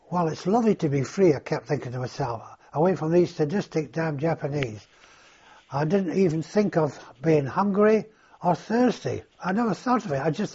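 Husky older man recounting the past. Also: fairly high pitch, darkish tone. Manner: halting, reflective storytelling. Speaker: interviewee. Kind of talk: oral history recollection. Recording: dull lo-fi recording.

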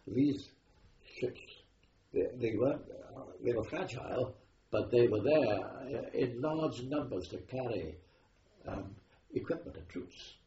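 A man's voice: mid-range voice, animated, takes it slowly, dark tone. An older man from Wales with a Welsh accent, a war veteran rambling through his memories with many ums and restarts. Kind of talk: oral history recollection. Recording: dull roomy tape with faint hiss.

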